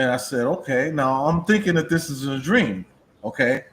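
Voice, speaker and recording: Middle-aged man, earnest storyteller, mid pitch, video-call audio with light hiss. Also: moderate pace. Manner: earnest storytelling, soft-spoken at emotional moments. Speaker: co-host of paranormal show. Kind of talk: casual conversation.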